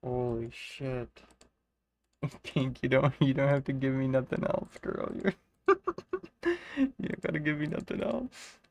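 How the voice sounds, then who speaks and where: A woman streaming a game live, gushing and swearing excitedly as she chats with viewers. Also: extremely low pitch, a little slow, long pauses. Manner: excitable, swears and gushes freely.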